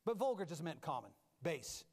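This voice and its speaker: A man preaching a humorous sermon as a pastor, animated and self-mocking, moving from loud bursts to low asides. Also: moderate pace, in a large hall.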